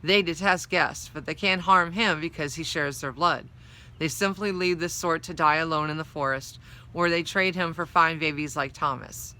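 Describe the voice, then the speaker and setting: A stern, protective grown man of the road, as a woman reads him aloud, firm and warning in his words. The tone comes out bright and forward in a storybook reading. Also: deep voice, moderate pace. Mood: grave.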